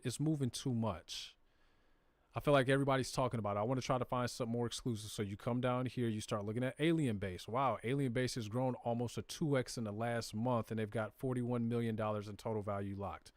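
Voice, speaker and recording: A man's voice: medium pitch, steady tone, quick pace, hardly any pauses, no room sound. A man with a Southern US accent hosting a live crypto stream, walking viewers casually through charts and data in plain, slangy talk. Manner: conversational, talks to viewers directly, slips into slang. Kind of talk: casual screen-share walkthrough.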